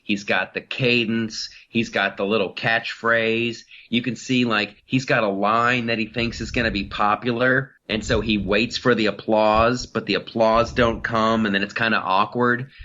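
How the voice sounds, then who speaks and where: Man, comedy podcast host, bright forceful voice, dull lo-fi sound, riffing and mocking. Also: fairly low pitch, steady tone, a little slow, hardly any pauses. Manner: riffing, mocking, mimics politicians' cadence. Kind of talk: casual political comedy chat.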